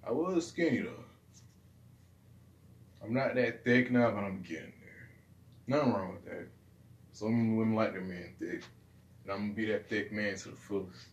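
A young man, rambling casually and profanely in a low-key, self-deprecating way. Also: husky. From Southern United States. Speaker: vlogger.

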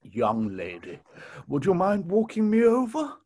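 A performer doing a doddering, posh octogenarian director with a husky voice that wanders up and down in pitch. He speaks slowly, courtly and tactless. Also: huge pitch swings, mellow, heavily acted. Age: 80s. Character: frail posh elderly male film director.

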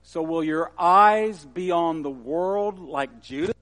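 A man's voice: a little high, slow, fairly bright tone. A man preaching a sermon in an earnest, emphatic way that builds at times.

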